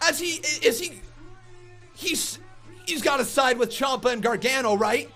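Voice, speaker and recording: Excitable man, very high-pitched, shouting wildly on a live reaction stream, music faint behind. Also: a little slow, long pauses. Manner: excitable, shouting, frantic exclamations. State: shaking with excitement.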